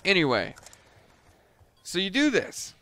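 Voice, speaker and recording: A man's voice: high voice, wildly swooping pitch, slow pace, fairly bright tone. A young man casually retelling a boot camp story, loose and profane, chuckling now and then. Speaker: storyteller, former Marine recruit.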